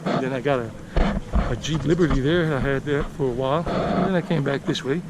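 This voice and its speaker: A man's voice: mid-range voice, a little fast. A man from the United States giving a casual walking-tour narration outdoors, chatty and rambling, often repeating himself. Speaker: tour guide vlogger. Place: city street outdoors, walking. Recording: outdoor street recording with traffic noise. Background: city traffic and street ambience.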